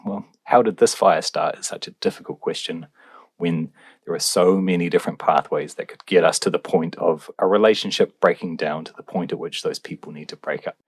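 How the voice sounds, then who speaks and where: A man's voice: deep voice, slightly rough, dry recording. A male relationships researcher, answering podcast questions in a wry, explanatory way with fillers.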